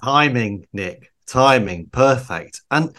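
A man's voice: medium pitch, expressive, takes it slowly, bright, forceful tone. Wry man co-hosting a racing podcast. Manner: wry, teasing, then enthusiastic. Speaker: racing writer, co-host. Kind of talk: casual chat.

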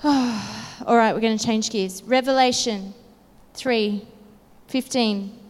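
A woman's voice: fairly high pitch, steady tone, slow. Woman preaching in a reverberant hall. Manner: earnest, emotional storytelling with casual fillers. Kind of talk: sermon with a personal story.

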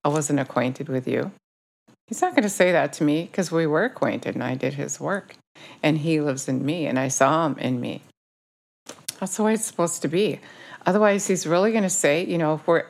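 A woman giving an informal sermon, urging listeners with pointed rhetorical questions. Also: low-pitched. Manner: urgent, exhorting, rhetorical questions. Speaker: preacher.

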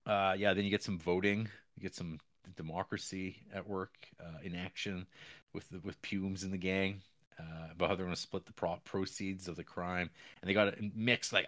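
A man co-hosting a podcast, recapping a series in a rambling, animated way with many fillers and squeaky put-on voices for characters. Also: normal speed. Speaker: podcast co-host. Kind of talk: casual film recap chat.

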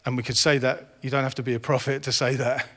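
A man's voice: medium pitch, flat delivery, quick pace, a bit bright. A man in his forties preaching a sermon, earnest and rising to impassioned. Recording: reverberant hall.

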